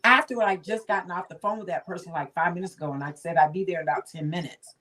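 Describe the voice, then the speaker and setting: A woman's voice: lowish voice, fast, distant mic, over a noisy crowd, rough recording. A woman hosting a casual chat, affirming her guest and telling her own story with frequent laughs. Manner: chatty, affirming, laughs often. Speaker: host.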